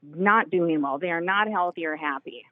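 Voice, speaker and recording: A woman's voice: lowish voice, moderate pace, dry recording. Chatty Upper Midwest woman on phone. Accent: Upper Midwest American. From Minnesota, US. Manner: friendly, chatty. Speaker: caller. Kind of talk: phone call to radio show. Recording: tinny phone line.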